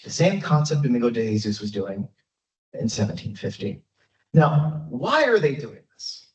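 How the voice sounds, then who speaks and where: Male guest lecturer, lively and conversational, pitch swings a lot; recorded from afar in an echoey hall. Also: moderate pace. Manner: lively, conversational, frequent fillers. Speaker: guest speaker, history lecturer. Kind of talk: public history lecture. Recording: echoey, dull, from far off.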